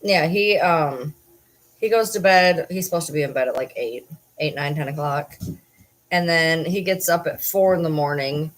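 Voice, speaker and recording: A woman's voice: deep voice, moderate pace, low-quality recording. A woman at home chatting casually, often cooing baby talk to her pets.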